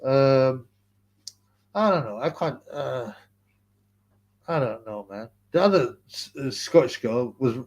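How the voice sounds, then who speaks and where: A livestream host with an expressive, mid-range voice chats slowly, with long pauses, rambling and repeating words. He reads and answers viewers' comments, laughing often, and the audio sounds dull.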